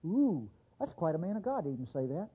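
A man preaching a sermon as a pastor, animated and conversational, acting out mock voices. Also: on the high side, a little fast, breathy edge, phone-quality sound.

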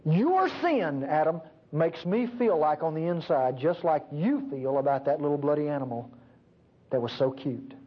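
God as a grieved, tender father pleads earnestly with Adam, voiced by a preacher. The voice is high and husky. The recording is dull and lo-fi. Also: animated, normal speed. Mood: grave.

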